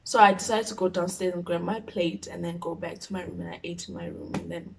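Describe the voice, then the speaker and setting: A young woman in her twenties with a South African accent, telling a personal story on her vlog in an expressive, animated way. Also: on the low side, fairly quick, vocal fry, few pauses, slight background noise. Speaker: YouTuber.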